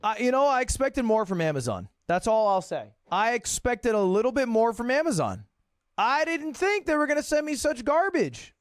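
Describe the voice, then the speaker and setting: A young man streaming casually at his desk, joking and swearing with lively energy. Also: very high-pitched, moderate pace, no echo, studio quality. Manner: animated, jokey, swearing. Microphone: desk microphone.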